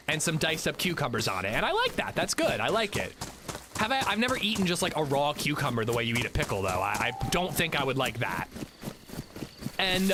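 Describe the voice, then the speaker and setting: Lively chatty man streaming a game. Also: on the high side, noisy background. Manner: rambling, chatty, self-mocking. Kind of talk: casual livestream chat.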